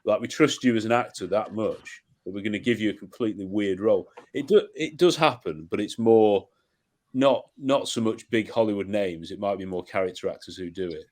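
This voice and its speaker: A man's voice: on the low side, a little fast, darkish tone. A man on a podcast, reflecting thoughtfully on a film in a casual chat, often restarting his sentences. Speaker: podcast guest.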